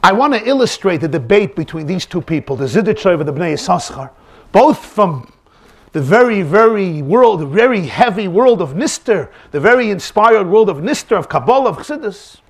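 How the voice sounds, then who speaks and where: A man's voice: high-pitched, a little fast. A man, a rabbi, teaching a Torah class, acting out little dialogue scenes and sprinkling in Yiddish and Hebrew words. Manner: animated, acts out dialogue scenes.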